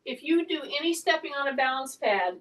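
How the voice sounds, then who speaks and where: Southern woman, fitness instructor, high and bright, chatty, a bit off-mic. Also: lively intonation, a little fast, far from the mic, rough recording. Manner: chatty, encouraging, talks while moving. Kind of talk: casual exercise instruction. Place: home exercise space.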